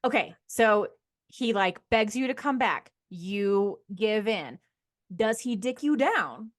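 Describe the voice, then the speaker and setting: A woman's voice: medium pitch, expressive, slow, dry recording, clean studio sound. A woman co-hosting a podcast who asks eager questions and recaps the guest's story. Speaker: co-host. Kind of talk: casual podcast chat.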